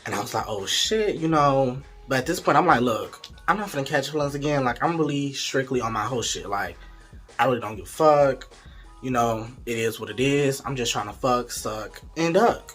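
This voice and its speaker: A man's voice: medium pitch, fairly quick, a bit bright, soft background music. A young man in casual storytime mode, chatty and candid, talking straight to his viewers. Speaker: vlogger.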